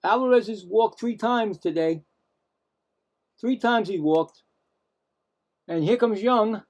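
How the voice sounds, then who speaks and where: Hosting a stream, this man gives live play-by-play, getting worked up, railing against calls and addressing viewers directly. His voice is high and slow, and the sound is lo-fi.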